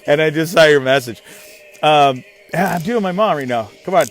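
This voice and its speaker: A man hosting a casual live stream, rambling excitedly and greeting viewers by name. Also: a little high, normal speed, soft background music. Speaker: host of a live online show.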